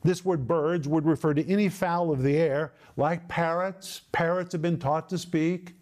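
A middle-aged man teaching a sermon, explaining scripture word by word with deliberate emphasis. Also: fairly high pitch, steady tone, darkish tone. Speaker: Bible teacher.

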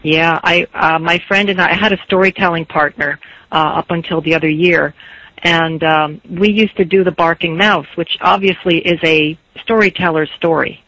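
A woman storyteller with a faint Pennsylvania Dutch tinge, chatting in an interview and telling anecdotes in a lively way. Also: lowish voice. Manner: lively, anecdotal, quick asides. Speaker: storyteller, guest. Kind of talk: casual interview chat. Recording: dull lo-fi dry recording.

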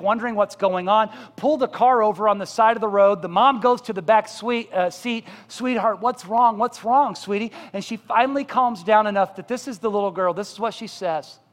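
High-voiced pastor preaching in an echoing church. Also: male voice. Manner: impassioned, rising to loud emphatic peaks. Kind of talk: sermon. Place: church sanctuary. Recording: reverberant church hall.

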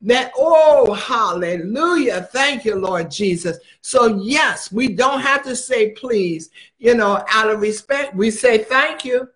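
A man's voice: very high voice, animated, slow, fairly bright tone. A man preaching a sermon, emphatic and repeating phrases for stress.

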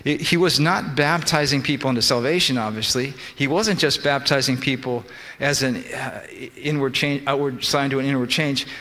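At normal speed and in a mid-range voice, bright and forceful, a man preaches. He unpacks scripture with frequent restarts, voicing quotes from the figures he discusses. The sanctuary setting adds a long church reverb.

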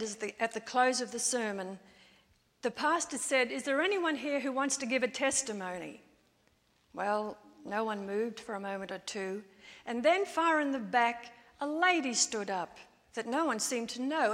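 Woman preacher, measured storytelling sermon, fairly high voice, long church reverb. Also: expressive, a bit bright.

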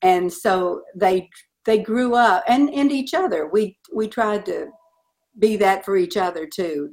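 A woman's voice: medium pitch, a little slow, a little mellow. Earnest storytelling woman. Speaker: guest. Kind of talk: storytelling in an interview.

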